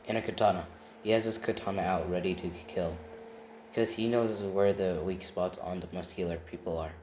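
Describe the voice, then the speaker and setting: A man's voice: low-pitched, fairly even intonation, moderate pace, a little mellow, roomy sound, slight background noise. A man improvising a fan story aloud, rambling and often correcting himself as he goes. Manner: rambling, self-correcting, tells it off the cuff.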